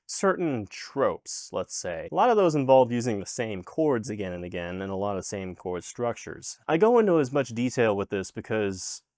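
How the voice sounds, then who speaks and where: A man talks through a music review with exasperated sarcasm, swearing freely. His voice jumps up and down in pitch as he complains. The sound is dry and close, with no room around it. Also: very animated, normal speed, hardly any pauses, a little mellow, no echo. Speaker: music reaction host. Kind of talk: casual album reaction commentary.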